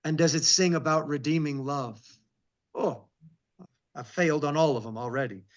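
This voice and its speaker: Rabbi reading scripture with emphatic asides. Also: male voice, on the high side, muffled recording. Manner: reads scripture slowly and emphatically, breaks off with asides. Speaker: rabbi, interview guest. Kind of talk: devotional reading and reflection.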